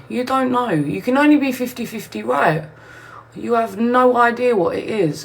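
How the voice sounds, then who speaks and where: Chatty woman live-streaming from home. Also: mid-range voice. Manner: rambling, answering viewer comments aloud. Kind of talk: casual live-stream chat. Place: new home, indoors.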